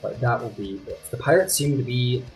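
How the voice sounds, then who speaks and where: A man narrating as game master of a tabletop game, chatty and quick to apologize. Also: mid-range voice. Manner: lively, chatty, apologetic asides. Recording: faint guitar music behind.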